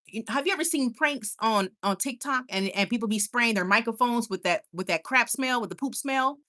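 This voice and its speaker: Reading chat comments out loud during a casual stream, a young woman reacts with big, emphatic animation. Laughter comes to her fast, repetition is frequent, and her pitch leans high.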